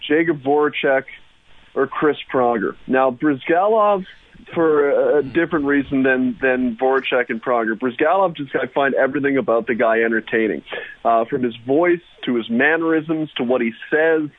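A man's voice: medium pitch, normal speed, no echo. A man calling in as a guest on a sports radio show, talking hockey in a rambling, enthusiastic way. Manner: rambling, enthusiastic, restarts often. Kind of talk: casual sports radio chat. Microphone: phone. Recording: tinny phone line.

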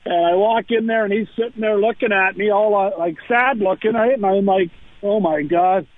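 High-voiced man telling stories over the phone. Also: brisk, no room sound. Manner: lively anecdotal storyteller with frequent "uh" fillers. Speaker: former pro hockey player, radio guest. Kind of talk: phone-in radio interview, storytelling. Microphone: telephone. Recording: tinny phone line.

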